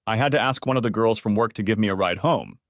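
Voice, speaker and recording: A man's voice: lowish voice, fast, no room sound, studio quality, close to an everyday voice. A man voicing a distraught adult wife who pleads and defends herself, in a story reading. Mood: accusing.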